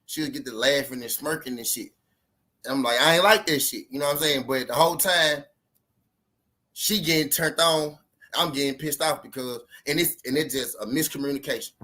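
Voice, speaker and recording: A man's voice: medium pitch, fairly even intonation, normal speed, pushed and bright. A man casually telling a relationship story to his viewers, profane and repetitive, leaning hard on his points. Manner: profane, repetitive, emphatic street talk. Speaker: vlogger giving relationship advice.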